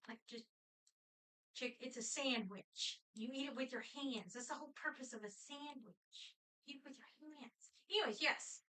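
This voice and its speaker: A woman's voice: high voice, moderate pace, pushed and bright. A woman joining a livestream, telling a teasing story with exasperation. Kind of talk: casual livestream chat. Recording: voice picked up from a distance.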